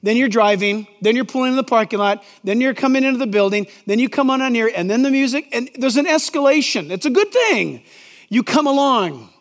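A man's voice: extremely high pitch, animated, a little fast. A middle-aged male pastor preaching a sermon in a conversational, emphatic way, reading Scripture aloud in a large sanctuary. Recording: long reverb in a large church.

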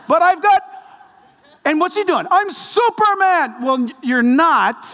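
A man in his fifties, a pastor preaching a sermon with lively storytelling and jokes. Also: extremely high pitch. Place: large church hall. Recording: long hall reverb.

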